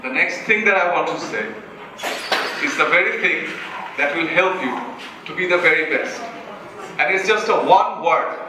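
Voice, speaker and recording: A man's voice: a little high, moderate pace, long pauses, a crowd in the background. A young man from Bangladesh with a Bangladeshi English accent gives an earnest, self-deprecating motivational talk as a student speaker and asks the audience questions. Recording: echoey hall from far off.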